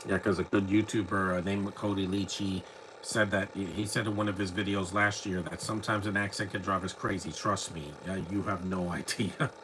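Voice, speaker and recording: A man's voice: deep voice, little pitch movement, moderate pace, background noise. A man from the United States, hosting a casual live movie commentary, rambling and opinionated with many restarts.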